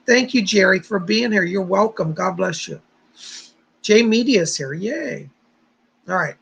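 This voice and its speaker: On a casual psychic livestream, a man with a gravelly, husky voice greets viewers by name in an easygoing, chatty way, leads a meditation, and gives quick readings. His voice is high and a bit bright with lively intonation, and the recording quality is low.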